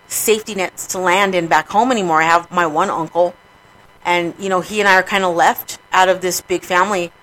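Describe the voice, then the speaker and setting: A woman's voice: medium pitch, a bit bright, poor audio. A woman hosting a casual radio show, talking candidly and profanely about grief and family. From New Mexico, USA.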